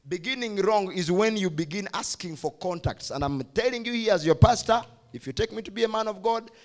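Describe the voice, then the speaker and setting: A man with a Ugandan accent, preaching a youth sermon as pastor, emphatic and repeating key phrases. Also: a little high. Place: church hall.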